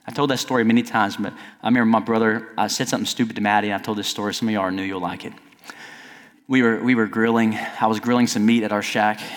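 Man preaching in a reverberant church. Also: on the low side. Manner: conversational preaching that rises to near-shouting. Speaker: pastor. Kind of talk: sermon. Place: church sanctuary. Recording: long reverb of a church hall.

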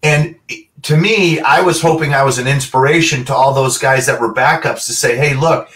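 A middle-aged man, a former pro football player, telling animated stories as a guest and acting out other people's lines. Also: medium pitch, moderate pace. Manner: animated anecdotes, acts out quotes. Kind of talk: storytelling interview. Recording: voice a bit far from the mic.

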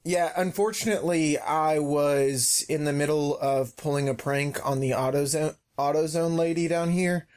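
A man's voice: fairly high pitch, fairly even intonation, moderate pace, hardly any pauses, darkish tone. A young man co-hosting a podcast, telling prank stories in a joking, rambling way with many ums. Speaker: podcast co-host. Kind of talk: casual chat.

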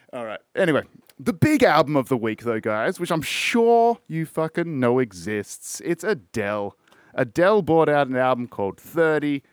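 A man's voice: on the high side, big pitch swings, unhurried, clean tone, no room sound, studio quality. A man hosting a casual music podcast, rambling and swearing often, full of fillers and restarts. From Australia. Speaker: podcast host.

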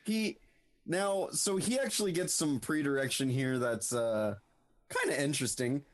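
A man's voice: a little high, moderate pace. A tipsy man co-hosting a podcast, chatting casually, swearing freely and laughing a lot. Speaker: podcast co-host. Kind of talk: casual chat.

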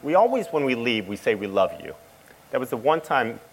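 Father giving a halting church testimony. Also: mid-range voice, very animated, vocal fry, slight background noise, rough recording. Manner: halting, emotional storytelling with many restarts. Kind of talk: personal testimony to a church audience.

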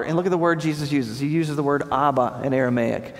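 Male pastor, high voice, preaching with emphatic repetition, dropping low at phrase ends; recorded in a reverberant hall. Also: quick pace. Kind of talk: sermon. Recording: long reverb of a large hall.

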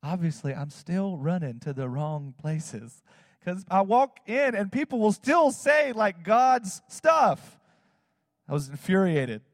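Male pastor, 30s, chatty sermon storyteller, slightly high pitch, long reverb tail. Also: slow, clean studio sound. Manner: animated, acts out quotes in other voices, fillers like "like" and "you know".

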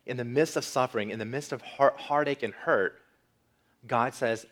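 A male pastor delivering a sermon with earnest emphasis, easing into a quiet closing prayer. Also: medium pitch, moderate pace. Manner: earnest preaching, rising for emphasis, softening into prayer.

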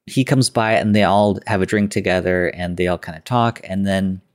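Male podcast host, slightly low-pitched, rambling casual recap. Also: moderate pace. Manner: loose retelling with quoted lines and filler words.

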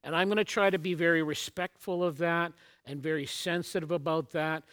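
Male pastor, high bright voice, earnest sermon delivery. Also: fairly even intonation, brisk, clear, resonant tone. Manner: earnest, storytelling opener then teaching, occasional restarts.

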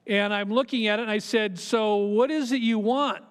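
Preaching pastor in a reverberant church. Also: male voice, high-pitched, fairly even intonation, moderate pace, clear, resonant tone. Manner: storytelling, shifts between quiet asides and emphatic raised lines. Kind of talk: sermon with personal story. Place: church sanctuary. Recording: long hall reverb of a church.

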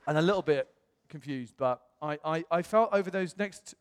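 A man preaching, telling a personal story with animated delivery and self-mocking humor, acting out what others said. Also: fairly high pitch, normal speed, smooth. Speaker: pastor. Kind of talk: personal testimony sermon. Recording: long reverb in a hall.

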